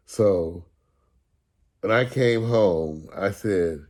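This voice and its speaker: A man's voice: sits low, very slow, pauses often. Sarcastic man telling humorous stories. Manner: sarcastic, animated, with casual profanity. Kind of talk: humorous storytelling talk.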